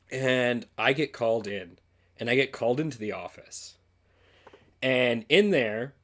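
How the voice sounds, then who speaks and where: A man from Canada, a podcast co-host, telling a school story in casual chat and swearing freely. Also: mid-range voice.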